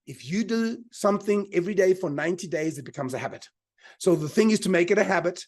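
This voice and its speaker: A man's voice: sits high, lively intonation, fast talker, a little mellow. A man leading a live online motivational seminar as a mind power teacher. He talks with energy, repeats his key lines for emphasis and keeps asking the audience to answer in the chat.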